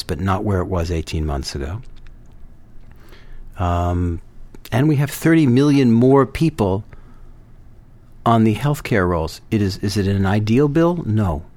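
A man discussing politics on a panel, measured and hesitant, with many fillers and restarts. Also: low voice, a little mellow. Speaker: guest commentator.

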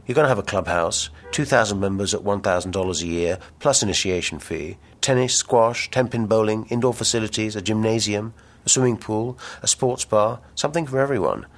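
Guy reading as a brash schemer businessman, insistent sales talk, lowish voice. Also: brisk, hardly any pauses, close to an everyday voice. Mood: grandiose. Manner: salesman patter, insistent and grandiose. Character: brash ambitious male businessman with big schemes. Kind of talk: author reading dialogue aloud.

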